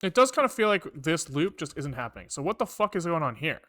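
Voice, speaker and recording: Swearing live-coder with a lively voice. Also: medium pitch, quick pace. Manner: muttering code aloud, frequent frustrated swearing. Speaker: programmer streaming live coding. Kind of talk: live coding, thinking aloud.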